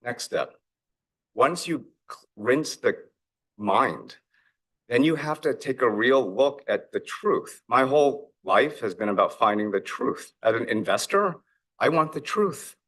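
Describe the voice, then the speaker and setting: A man's voice: medium pitch, lively intonation, measured pace, fairly bright tone. A middle-aged man, an author and investor, giving a conference keynote in a reflective storytelling manner. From United States. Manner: storytelling, reflective, acts out family dialogue.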